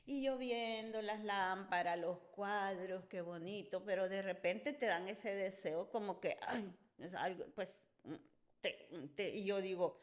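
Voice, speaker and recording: An older woman shares stories on a casual podcast. She talks with lively, confessional energy, and her voice sits at a middle pitch. She goes back and forth between hushed asides and bursts of emphasis. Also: moderate pace. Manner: animated, confessional anecdote telling. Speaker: podcast guest, host's mother. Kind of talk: casual storytelling chat.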